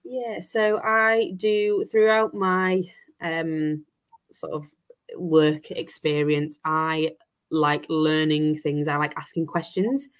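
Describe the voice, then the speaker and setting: A woman's voice: sits low, flat delivery, slow pace. A woman, an estate agent, chatting as an interview guest, rambling with many restarts and fillers. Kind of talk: casual interview chat.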